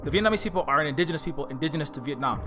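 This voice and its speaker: High-voiced man on a heated livestream rant. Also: expressive, very fast, music in the background. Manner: heated, profane, repeats himself, lots of fillers. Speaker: streamer and indie game developer.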